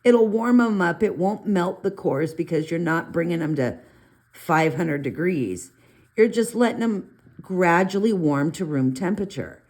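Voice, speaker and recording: A middle-aged woman casually talking through a colored pencil demo, chatty and rambling with animated asides. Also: lowish voice, a little slow. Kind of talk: casual art tutorial talk.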